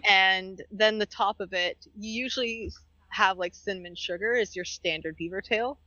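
Bright-voiced Canadian woman chatting. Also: mid-range voice, moderate pace, dry recording, lo-fi sound. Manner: chatty, laughs often, swears casually. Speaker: podcast co-host. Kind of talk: casual chat.

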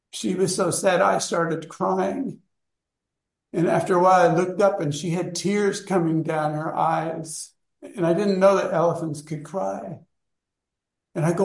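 A man's voice: high voice, creaky, darkish tone, roomy sound. A man in a study group, casually telling a personal story and rambling as he searches for words.

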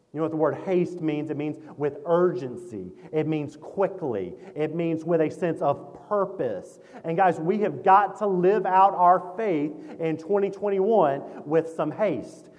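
A man's voice: fairly high pitch, darkish tone. A man from Mississippi with a Southern accent, preaching a folksy, conversational sermon as a guest pastor. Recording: long hall reverb.

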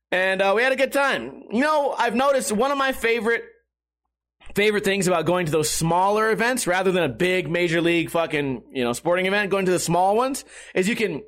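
A young man hosting a casual podcast, profane and animated, bursting into loud shouts. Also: high-pitched, moderate pace. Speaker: podcast host. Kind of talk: casual rambling chat. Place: at home.

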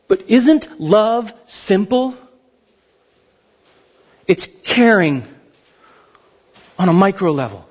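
A man preaching a sermon, telling stories animatedly and acting out what people say, with a husky voice. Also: high-pitched, extremely slow, long pauses, dull audio. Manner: animated storytelling, acting out quotes.

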